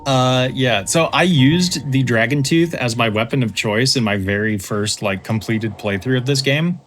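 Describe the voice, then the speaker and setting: A man's voice: mid-range voice, moderate pace. Casting: laid-back male gamer explaining a game with dry humor; noticeable noise behind him. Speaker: host, let's play commentator. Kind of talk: casual gameplay commentary.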